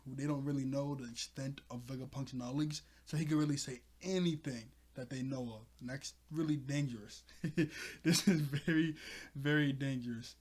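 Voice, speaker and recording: Chatty, chuckling man recapping a manga. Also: mid-range voice. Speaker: manga reviewer. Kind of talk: casual recap.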